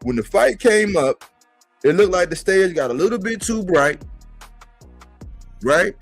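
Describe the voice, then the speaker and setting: A man hosts a boxing commentary livestream as commentator and show host, speaking in an emphatic, slangy way and repeating points for stress. His high voice is animated with vocal fry at a measured pace, and faint music plays behind him.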